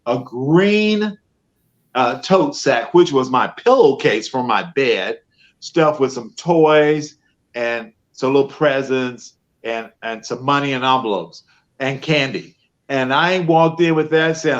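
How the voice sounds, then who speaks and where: A man tells an animated story over a video call. The sound is a little dull and muffled. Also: medium pitch, slow. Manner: animated storyteller acting out quotes. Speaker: professional Santa guest. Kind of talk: storytelling interview answers. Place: home studio.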